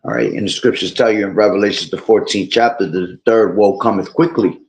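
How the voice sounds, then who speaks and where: A man's voice: fairly low pitch, steady tone, a little fast, a little mellow. A man preaching about prophecy and reading scripture aloud, rambling and checking in with "all right?" while he is losing his voice. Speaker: bible teacher streamer.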